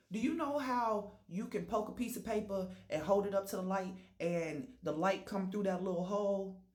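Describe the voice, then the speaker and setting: Brash, profane woman telling a ghost story. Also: medium pitch. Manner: brash, profane and dramatic, with sudden loud outbursts. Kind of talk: casual storytime monologue. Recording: roomy echo.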